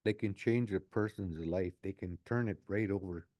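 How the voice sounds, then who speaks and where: Older guy near seventy, lowish mellow voice, earnest reflective interview talk, repeats himself a lot. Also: moderate pace. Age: 60s. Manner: earnest, repeats his phrases. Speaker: community advocate.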